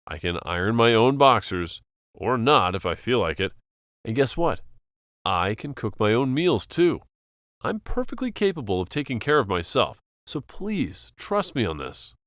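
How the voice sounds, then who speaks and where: A man's voice: medium pitch, sing-song, moderate pace, fairly bright tone, no room sound, studio quality. A man voicing an exasperated young college student pushing back against his overbearing mother. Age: young adult. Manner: exasperated, pleading.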